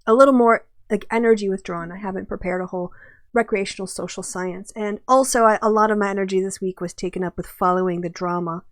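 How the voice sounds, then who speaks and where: A woman's voice: medium pitch, fairly even intonation, quick pace, no room sound, studio quality. A woman hosting a casual video commentary, chatty and often breaking into laughter. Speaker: host.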